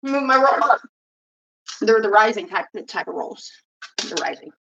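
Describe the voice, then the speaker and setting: A woman's voice: mid-range voice, expressive, normal speed, vocal fry, lo-fi sound, background noise. A woman vlogger telling a rambling, profane story while she cooks. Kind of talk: casual storytelling while cooking.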